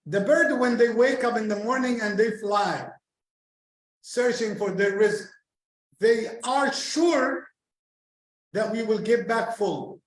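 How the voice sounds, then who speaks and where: A high-pitched man preaching as imam, retelling a personal story and repeating his phrases for emphasis. He acts out the back-and-forth of the people in the story. The voice rings around an echoey mosque hall. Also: a little slow. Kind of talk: sermon reflection with personal story.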